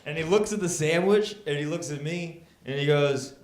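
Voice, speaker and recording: A male stand-up comedian telling a story, acting out the people in it and getting loud and exasperated. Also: a little high, moderate pace. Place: comedy club stage. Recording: echoey club with crowd laughter. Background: audience laughing.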